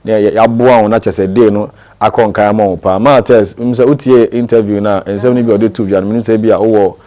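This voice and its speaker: A man's voice: on the low side, steady tone, fast, warm tone. A man hosting a TV morning show, talking conversationally.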